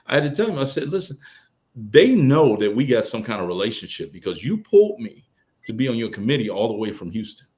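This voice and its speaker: A middle-aged man speaking as a podcast guest, telling colloquial stories, acting out other people's lines, and swinging from loud bursts to hushed asides. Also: medium pitch, very animated, fast. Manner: colloquial, quotes others in character. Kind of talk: casual storytelling on a podcast.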